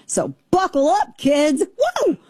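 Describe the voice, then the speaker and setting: A woman's voice: sits high, very animated, warm tone, no room sound. Brash sarcastic woman talk radio host. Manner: brash, sarcastic, fast-shifting. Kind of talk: opinionated talk radio commentary. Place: radio studio.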